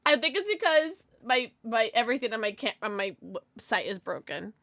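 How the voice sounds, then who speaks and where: High-pitched giggly woman streaming games. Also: normal speed, no echo, studio quality. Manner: giggly, loud and excitable. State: high on edibles. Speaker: streamer and voice actor. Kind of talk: casual game livestream chat.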